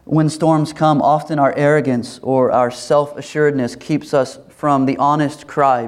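A pastor preaching a sermon in a lively, animated way, acting out voices as he tells the story. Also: on the high side, unhurried, hardly any pauses. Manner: animated, acts out quoted voices, laughs.

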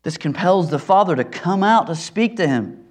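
A man's voice: high-pitched, animated, normal speed. A male preacher giving an earnest expository sermon, repeating phrases for emphasis.

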